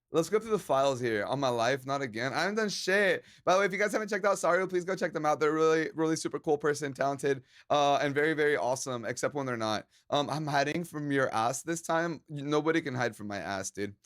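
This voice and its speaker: Tipsy, joking male streamer, high voice. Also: fairly quick, fairly bright tone. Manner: loose, joking, profane, slips into Spanish words. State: a little drunk. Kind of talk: casual drunk stream chat reading chat aloud.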